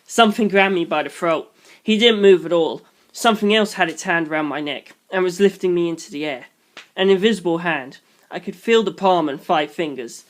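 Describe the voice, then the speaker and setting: Male narrator, mid-high voice, dramatic story reading. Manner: switches into shouted character voices. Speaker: reader. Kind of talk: dramatic reading of a fan novel.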